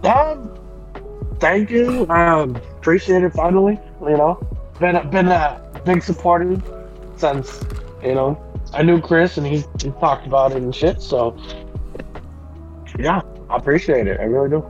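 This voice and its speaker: A man's voice: a little high, a little slow, pauses often, lo-fi sound, soft background music. A man appearing as a podcast guest, speaking shyly and hesitantly with many fillers. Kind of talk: casual podcast talk.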